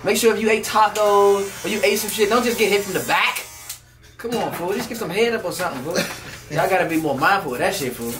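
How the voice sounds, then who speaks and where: A man vlogging and telling a crude story in casual chat, animated and tacking "fool" onto nearly every line. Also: high-pitched, fast talker, distant mic, over music.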